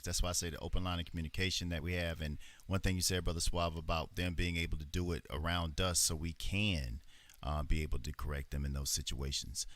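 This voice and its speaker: Very deep, bright-toned man, dry sound. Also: no room sound. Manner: agreeable, measured, with frequent fillers. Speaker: panelist. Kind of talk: casual discussion.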